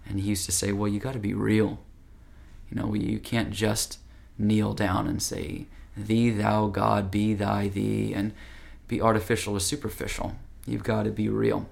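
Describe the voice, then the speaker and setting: Gravelly man giving an earnest spiritual talk. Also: on the low side. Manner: earnest, conversational, direct. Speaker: yoga teacher.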